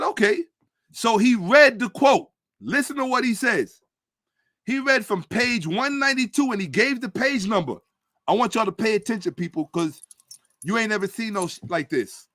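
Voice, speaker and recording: Middle-aged male host, high pitch, emphatic storyteller, dry close sound. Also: a bit bright, no echo. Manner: emphatic, drawn-out stresses, storytelling. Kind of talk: casual monologue commentary.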